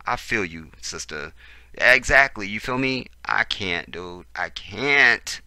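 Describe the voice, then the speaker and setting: A man reading out news commentary and reacting to it, animated and profane, swinging between low mutters and loud outbursts. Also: takes it slowly, no echo.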